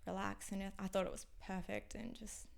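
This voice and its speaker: A young Australian woman speaking as a podcast guest, talking frankly in halting phrases that sometimes drop to a near whisper. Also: mid-range voice, flat delivery, creaky. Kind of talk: candid interview conversation.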